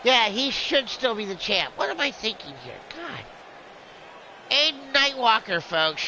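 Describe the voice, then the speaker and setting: A man's voice: very high voice, big pitch swings, a little slow, pushed and bright, slight background noise, poor audio. A man calling a wrestling game as a rambling, jokey streamer who plays a drunken clown persona. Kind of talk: excitable play-by-play game commentary.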